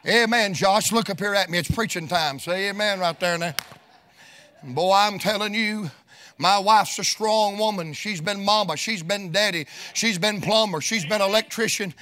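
A middle-aged preacher man with a high, ringing voice. He tells stories in a folksy, sing-song preaching rhythm and climbs into shouted bursts. His tone is bright and forceful. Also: moderate pace. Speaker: evangelist preacher. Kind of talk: sermon storytelling.

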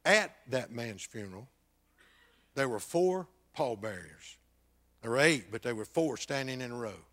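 Older preacher, loud-to-hushed storytelling. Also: male voice, mid-range voice, lively intonation, a little slow. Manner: dramatic swings from loud to hushed. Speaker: pastor. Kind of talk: personal testimony storytelling.

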